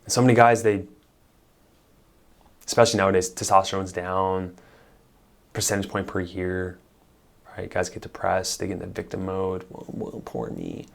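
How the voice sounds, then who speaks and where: Blunt, low-voiced male therapist. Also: level tone, moderate pace, gravelly, long pauses. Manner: blunt, emphatic, casually profane. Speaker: marriage therapist. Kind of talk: direct-to-camera advice talk.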